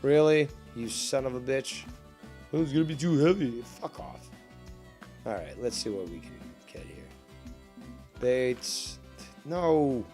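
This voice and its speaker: A man's voice: medium pitch, big pitch swings, normal speed, a little mellow, soft background music. A man chatting casually on a live stream while playing a fishing game, rambling, sarcastic and profane.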